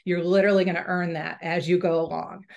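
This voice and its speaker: A woman from St. Louis, Missouri, a new sales consultant sharing her story in a chatty, excitable way with lots of fillers. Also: fairly low pitch, quick pace, vocal fry. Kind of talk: personal testimonial.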